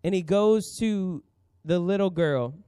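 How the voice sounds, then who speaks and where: A man in his thirties preaching a sermon as pastor, earnest and emphatic with dramatic pauses. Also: high-pitched, warm tone, smooth, dry recording.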